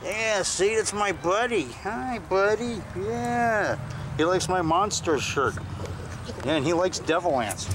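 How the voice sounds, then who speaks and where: A filmmaker chatting to a dog in high, cooing sweet talk outdoors. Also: male voice, expressive, takes it slowly. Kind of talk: casual chat to a dog. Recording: distant outdoor recording with loud background noise.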